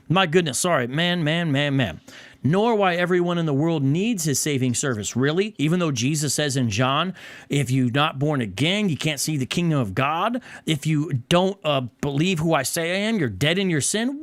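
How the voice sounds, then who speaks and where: A man's voice: a little high, lively intonation, normal speed, no room sound. A man hosting a podcast, reading a passage aloud and breaking in with heated, exasperated rebuttals. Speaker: podcast host.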